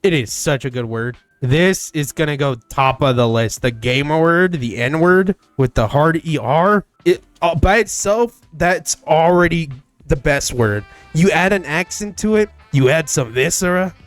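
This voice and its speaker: A young man hosting his own gaming channel, talking casually to the camera with frequent swearing and loud excited bursts. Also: fairly high pitch, a little slow, dry recording, soft background music. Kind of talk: casual solo commentary.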